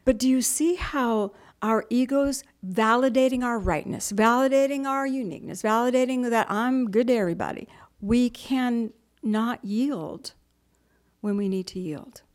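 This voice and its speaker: A middle-aged spiritual teacher addresses a group, telling stories in a chatty way, imitating other people's voices and slipping into soft whispers at the key moments. Her voice sits on the high side and she speaks at a normal speed.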